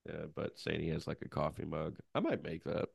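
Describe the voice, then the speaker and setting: Gravelly man cracking deadpan jokes. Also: extremely low pitch, fairly quick, dry recording, clean studio sound. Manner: deadpan, joking asides. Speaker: podcast co-host. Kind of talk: casual chat.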